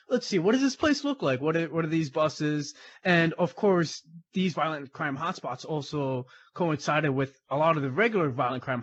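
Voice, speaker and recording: A man's voice: mid-range voice, lo-fi sound. A man guest on an interview podcast, telling a story casually, laughing often and acting out the dialogue. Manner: animated, laughs often, acts out quoted dialogue. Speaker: crime analyst guest.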